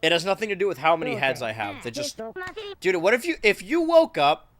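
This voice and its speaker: A man streaming a video game, chatting casually in a rambling, jokey way that swings between loud outbursts and mutters. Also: a little high, very animated, fairly quick. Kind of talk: casual let's-play commentary.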